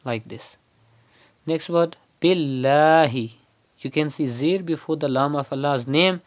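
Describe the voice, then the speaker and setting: A man teaching Quran recitation online, explaining pronunciation rules step by step and repeating words slowly as examples. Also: on the high side. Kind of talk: online tajweed lesson.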